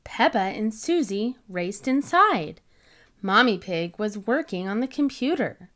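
A woman's voice: mid-range voice, expressive, measured pace, fairly bright tone. A woman reading a picture book aloud to young children in an enthusiastic, child-directed way. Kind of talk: read-aloud storytelling for kids.

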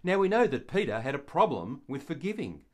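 An older man narrating a devotional Bible story in an earnest, measured way. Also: a little high, big pitch swings.

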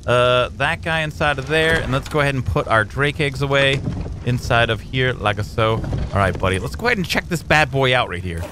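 A young man giving casual let's-play commentary, excitable and playful, chatting with his in-game creatures in slang. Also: mid-range voice, normal speed, background noise. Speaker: gaming YouTuber.

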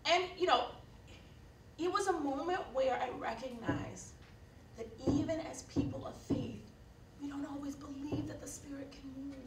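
A woman's voice: high-pitched, normal speed, distant mic, noisy background. Earnest woman telling a story in an echoey hall. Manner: earnest, conversational, with frequent fillers. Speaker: keynote speaker. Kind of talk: storytelling keynote address. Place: lecture hall. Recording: echoey hall recorded from afar.

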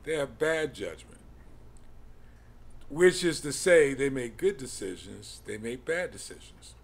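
A man in his forties teaching a Bible study in a slow, halting way, with many pauses and restarts. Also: medium pitch, animated, gravelly, slightly rough. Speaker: podcast teacher.

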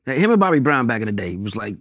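A man's voice: medium pitch, very animated, rapid-fire, a bit bright, no echo, clean studio sound. A man, a comedian and actor, telling loose, rambling anecdotes as an interview guest. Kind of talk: casual interview chat.

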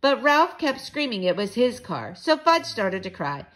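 A woman reading a children's book aloud in an expressive, sing-song way. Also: fairly high pitch, a little slow.

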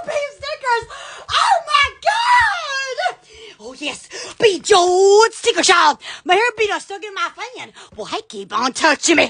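A woman with a Southern US accent hosts a silly livestream on a phone held close, playing with face filters. Her very high voice is creaky, bright and forceful, with slight background noise, and she's giddy and laughing, full of squeals and exclamations.

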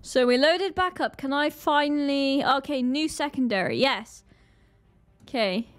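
A woman with a Northern Irish accent giving excitable gameplay commentary, full of panicked exclamations. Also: sits high, measured pace, faint music behind. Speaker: gaming channel host.

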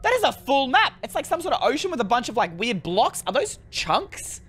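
A woman talks viewers through a video game in a chatty, exclaiming way. Her pitch is fairly high and swings widely as she reacts. Soft music plays underneath. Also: a little fast, breathy edge. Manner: animated, chatty, exclaiming in excitement. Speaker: gaming video creator. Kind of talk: let's-play commentary to viewers.

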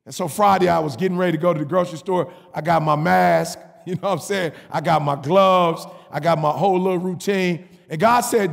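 High, raspy-edged male preacher, animated storytelling with call-and-response, in a reverberant hall. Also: moderate pace. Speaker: pastor. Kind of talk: sermon storytelling.

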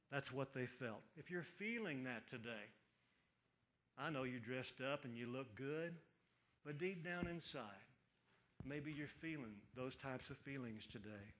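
A man preaching an Easter sermon as a pastor in a church, building to emphatic rising questions and dropping to hushed words. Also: mid-range voice. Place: church sanctuary.

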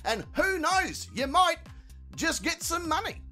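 A man's voice: very high voice, big pitch swings, a little slow, bright, forceful tone, soft background music. A man hosting a channel, telling a crude comic story full of swearing. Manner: crude, heavy swearing, laid-back banter. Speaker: channel host.

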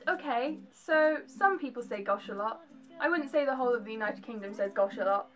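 A young woman from England with an English accent and a slight American twang, chatting to camera with animated, jokey asides in a home vlog. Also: a little high, brisk, faint music behind. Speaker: vlogger. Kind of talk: casual chat to camera.

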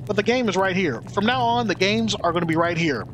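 Excitable streamer guy yelling at his game and reading chat, loud hiss in the background. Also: high voice, a little fast. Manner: excitable, reads chat aloud, swears. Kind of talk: live gameplay commentary.

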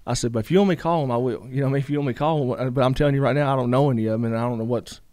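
A middle-aged man tells his story at a quick clip, rambling through fillers and acting out what others said. The recording is close and dry, with no room sound. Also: medium pitch, a little mellow, no echo. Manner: rambling, many fillers, quotes others in dialogue. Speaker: guest. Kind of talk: casual storytelling.

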